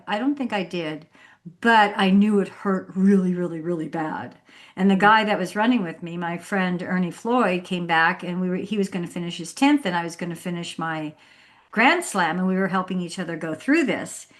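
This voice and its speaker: A woman's voice: on the low side, moderate pace. A woman hosting a podcast from home, chatting casually and telling a story, acting out the people she quotes and laughing often. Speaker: podcast host.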